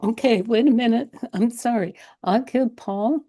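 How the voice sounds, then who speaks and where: Slow, mellow woman asking polite questions. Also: on the high side, no echo, clean studio sound. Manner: polite, asks for repeats and clarifications. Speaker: class participant. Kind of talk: asking questions on a video call. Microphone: video call.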